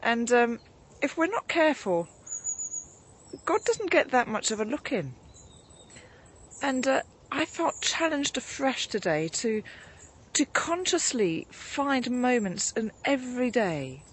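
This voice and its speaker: A woman reverend giving a gentle, musing devotional reflection, a bit out of breath after a morning walk outdoors, with frequent ums and restarts. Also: fairly high pitch, very animated, slow pace, breathy edge. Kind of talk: informal spoken devotional reflection.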